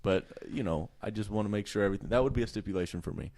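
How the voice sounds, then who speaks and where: A man's voice: on the low side, very fast. Man chatting loosely as podcast host. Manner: animated storyteller, acts out voices in retelling. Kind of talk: casual chat.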